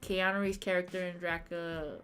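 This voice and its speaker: A woman's voice: on the low side, level tone, brisk, fairly bright tone, soft background music. A woman co-hosting a live stream in casual chat, blunt and emphatic as she rants. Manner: blunt, emphatic, ranting with repeated apologies.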